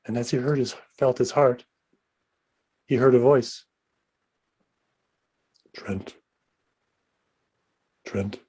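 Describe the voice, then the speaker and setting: A man's voice: mid-range voice, little pitch movement, normal speed, long pauses, warm tone. A man explaining an improv storytelling game and then starting a spooky tale with a playful, suspenseful delivery. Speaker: improv player.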